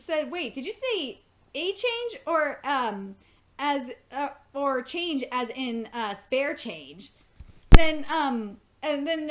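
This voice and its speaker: Young woman, high voice, lively swooping pitch, excitable, laughs a lot, casual recap. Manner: excitable, laughs often, swears, frequent fillers. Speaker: episode reviewer.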